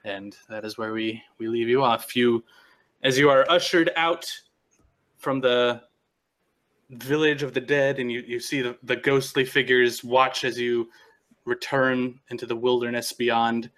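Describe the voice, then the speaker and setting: A man running a tabletop game, narrating the scene in a relaxed, halting way with frequent restarts. His voice sits at an average pitch and sounds bright. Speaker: game master.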